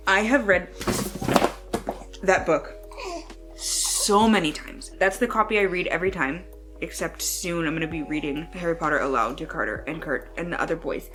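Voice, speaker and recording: A young woman chatting casually at home about books, excitable and swearing freely, turning now and then to talk to her baby. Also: fairly low pitch, moderate pace, soft background music. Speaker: book vlogger. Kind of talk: casual chat.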